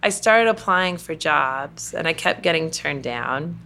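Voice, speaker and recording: Measured in pace yet lively in intonation, a middle-aged woman from Kentucky speaks in a low, bright, forceful voice with vocal fry and a Southern accent. She's an interview guest and company president, telling her story chattily with plenty of fillers.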